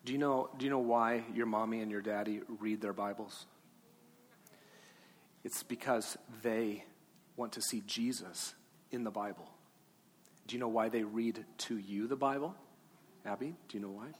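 Pastor in a reverberant church hall. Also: male voice, lowish voice, fairly even intonation, normal speed, long pauses, breathy edge. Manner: gentle, coaxing with children, then earnest and rising. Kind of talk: Easter sermon with children's talk. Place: large church sanctuary. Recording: long hall reverb, faint room ambience.

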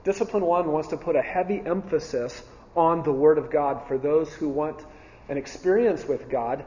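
A man's voice: on the high side, normal speed, mellow. Guy teaching bible class, earnest, lots of ums, echoey hall, kinda muffled. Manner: earnest, repeats phrases, many ums and restarts. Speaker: church teacher. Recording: dull sound with long reverb in a hall.

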